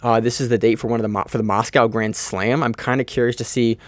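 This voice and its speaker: A man's voice: medium pitch, steady tone, fast talker, no echo. A man hosting a podcast, talking in a loose, chatty way with casual swearing, close to the mic. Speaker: podcast host.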